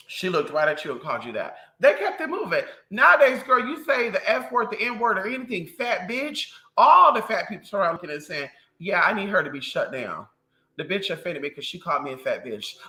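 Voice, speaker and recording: A livestream host ranting casually to viewers in a sassy, profane, animated way. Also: medium pitch, poor audio. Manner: animated storytelling.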